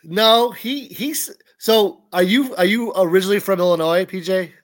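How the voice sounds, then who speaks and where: A man with a notably high voice chats on a podcast co-host mic. He talks quickly and loosely, circling back over his words as he makes a point. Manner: quick, chatty, repeats himself. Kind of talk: casual podcast chat.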